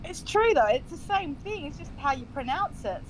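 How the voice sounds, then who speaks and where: A woman's voice: high-pitched, sing-song, moderate pace, a little hiss or hum, low-quality recording. A woman from England chatting over the phone with a streamer, talkative and hesitant, with lots of fillers. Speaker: friend on phone call. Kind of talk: casual chat.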